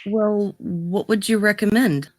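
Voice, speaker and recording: A woman's voice: mid-range voice, fairly even intonation, slow, darkish tone, no room sound. Giggly woman player, dry sound. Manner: giggly, chatty. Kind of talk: tabletop role-play.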